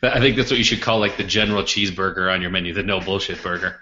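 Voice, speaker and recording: Male interviewer, deep forceful voice, halting restarts, echoey room, dull recording. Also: level tone. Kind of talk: casual interview questions.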